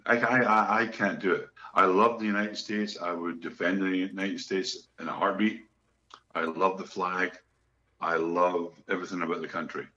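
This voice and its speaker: A man with a very low voice talks earnestly as an interview guest. He stumbles and repeats words as he looks for them. The sound is dull and lo-fi, like an internet radio show. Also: bright, forceful tone. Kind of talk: casual interview talk.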